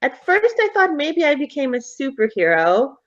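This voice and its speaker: An excitable little ghost boy chatters in a squealing, sky-high voice, put on by a woman running a tabletop game. His pitch leaps and dips with every word, and the recording is dull and muffled. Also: normal speed. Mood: chatty.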